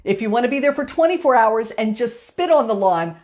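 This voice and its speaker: A woman's voice: on the high side, lively intonation, brisk, hardly any pauses, darkish tone. A woman hosting a motivational live stream, telling a story in a chatty way with filler words. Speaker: host.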